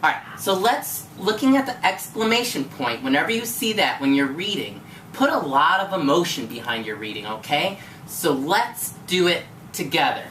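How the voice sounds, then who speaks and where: Brief: low-pitched, bright-voiced woman teacher, patient and encouraging, recorded from across an echoey room. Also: sing-song, moderate pace, few pauses. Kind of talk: one-on-one tutoring lesson. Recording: echoey room from far off, faint noise.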